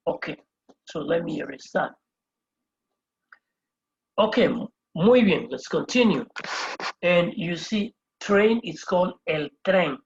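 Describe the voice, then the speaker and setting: Slow, husky-voiced Spanish teacher. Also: mid-range voice, expressive, lo-fi sound. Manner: spells words out letter by letter, repeats each term; patient, explains step by step. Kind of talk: whiteboard language lesson. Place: indoors at a whiteboard.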